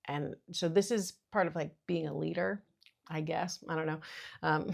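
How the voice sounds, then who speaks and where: A woman's voice: sits low, fairly even intonation, normal speed, gravelly. A woman in her thirties hosting a casual solo podcast, rambling and self-deprecating with lots of fillers. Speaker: podcast host.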